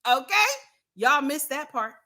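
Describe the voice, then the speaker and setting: A woman livestreaming casual commentary, speaking straight to her chat. Her voice sits high and has a bright, sharp edge. She hammers her points bluntly and repeats lines for emphasis, like a preacher. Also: expressive, unhurried, gravelly. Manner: addresses viewers and chat directly. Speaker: livestream host.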